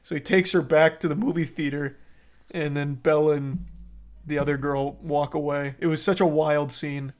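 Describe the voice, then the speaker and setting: A man's voice: fairly high pitch, fairly even intonation, moderate pace. A man streaming, casually recapping a movie and chatting with viewers in a rambling, joking way. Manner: rambling recap with crude jokes. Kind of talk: casual chat.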